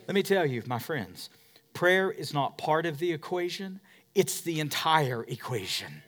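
A male pastor delivering a sermon, swinging from shouting to a hush and calling for responses from the congregation. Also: on the high side, very animated, a little slow.

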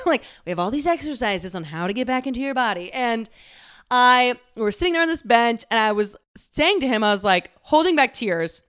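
A young woman with a clear, smooth voice sits a little high and tells a personal story in a candid, emotional way. She laughs often and swears casually, and she sounds close to tears. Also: sing-song, brisk, fairly bright tone.

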